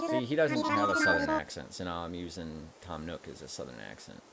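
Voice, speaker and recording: A man's voice: low-pitched, wildly swooping pitch, fairly quick, gravelly, few pauses, loud music behind the voice. A man streaming a video game, chatting casually with rambling asides as he plays. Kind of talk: casual gameplay commentary.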